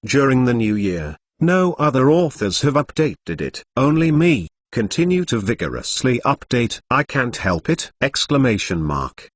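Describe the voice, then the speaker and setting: Lively-pitched male narrator voice. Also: unhurried, dry recording. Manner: reads punctuation marks aloud, mechanical phrasing. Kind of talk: scripted narration.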